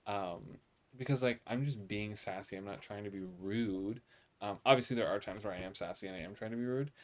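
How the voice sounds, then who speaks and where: With a low voice and a slightly fast pace, an American-accented streamer gives casual, sassy commentary on the game he's playing. He chats with viewers and reads the game text aloud.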